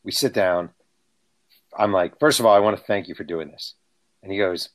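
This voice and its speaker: A male author, speaking in a low voice at normal speed with long pauses, shares anecdotes as a guest in casual conversation. He gets animated and acts out the people he quotes.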